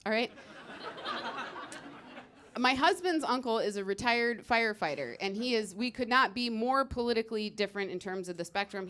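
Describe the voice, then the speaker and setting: A woman's voice: on the high side, fairly bright tone. A woman comedian performing a stand-up set on stage, brash, punchy and conversational.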